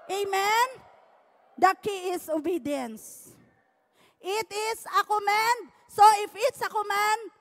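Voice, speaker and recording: A woman's voice: extremely high pitch, takes it slowly, in a large hall. A woman preaching a sermon, mixing English with Filipino and often checking in with the congregation. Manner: switching between English and Filipino languages, often asking "no?"; calls out "Praise the Lord" with rising shouts. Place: church hall.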